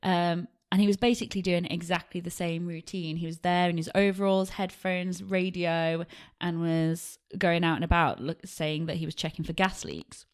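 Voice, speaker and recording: A woman's voice: on the low side, fairly even intonation, moderate pace, hardly any pauses. A woman, a podcast co-host telling a true-crime story in a chatty way, laughing and acting out the quotes.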